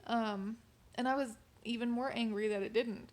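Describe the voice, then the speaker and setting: A woman's voice: on the high side, fairly even intonation, moderate pace. A young woman telling a personal faith story to camera in a candid, conversational way, with frequent fillers. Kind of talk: casual personal testimony.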